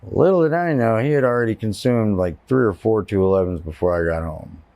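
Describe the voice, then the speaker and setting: A man's voice: on the low side, fairly quick, gravelly, warm tone, dry recording. A man from Texas giving personal testimony in an interview, telling his story candidly and plainly.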